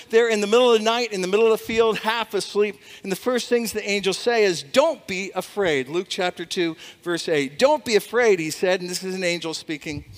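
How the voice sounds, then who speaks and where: A male pastor with a high voice gives a Christmas Eve devotional to people watching online. He talks in a friendly way, chuckles now and then and repeats his key phrases. His voice rings with a long reverb, as if he is speaking in a large hall.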